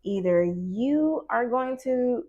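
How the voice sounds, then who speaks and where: A woman's voice: a little high, animated, slow, darkish tone, dull audio. Chatty playful woman tarot reader. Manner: chatty and playful, with slang and asides to spirit; acts out little quoted voices in between. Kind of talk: casual tarot reading.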